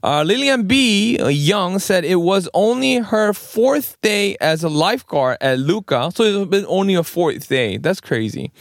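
A man co-hosting a radio show, quick and playful, reading news stories aloud in a studio. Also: sits high, very animated, creaky, no echo. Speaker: radio co-host. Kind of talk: bilingual radio banter. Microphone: studio microphone.

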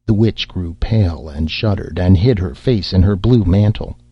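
A man narrating an old fairy tale in a measured storytelling manner. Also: low-pitched, breathy edge, dry recording. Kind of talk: audiobook narration. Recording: slightly dull lo-fi audio.

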